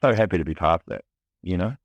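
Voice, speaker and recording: A man from New Zealand with a New Zealand accent, talking candidly and excitedly as a podcast guest, swearing freely and often restarting his sentences. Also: sits low, fast talker, no echo, highs cut off. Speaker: podcast guest, music producer. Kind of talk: casual chat.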